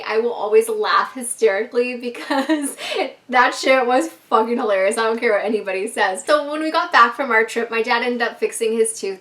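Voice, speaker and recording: A woman's voice: on the high side, a bit bright, distant mic. A young woman vlogger telling a story to camera in a chatty way, full of fillers and swearing, talking straight to her viewers. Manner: chatty, lots of 'like' and swearing, addresses viewers as 'you guys'. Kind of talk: casual storytime chat.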